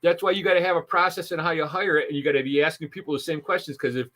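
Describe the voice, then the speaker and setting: A man's voice: on the high side, fairly even intonation, very fast, a bit bright. A man, a sales trainer on a podcast interview, giving punchy, emphatic advice with asides.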